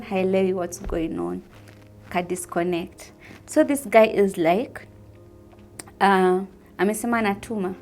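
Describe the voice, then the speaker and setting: A young woman with a Kenyan accent telling a personal testimony in a soft-spoken way, mixing English with Swahili. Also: medium pitch. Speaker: vlogger sharing a personal testimony.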